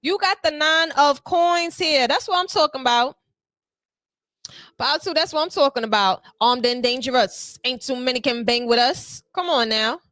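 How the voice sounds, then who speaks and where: A woman's voice: high voice, moderate pace, fairly bright tone, no room sound, clean studio sound. A woman giving a tarot reading to her viewers, sassy and playful, full of slang and little acted-out quotes. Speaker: tarot reader.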